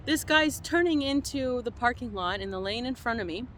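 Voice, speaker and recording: A young woman from Quebec telling a story to camera as a van-life vlogger, animated and exasperated. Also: a little high, moderate pace, a little hiss or hum. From Quebec, Canada.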